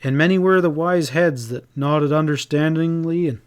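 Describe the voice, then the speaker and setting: A man reading a classic western audiobook aloud, steady and measured. His voice sits somewhat high for a man. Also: clear, resonant tone. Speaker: audiobook narrator. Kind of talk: scripted narration.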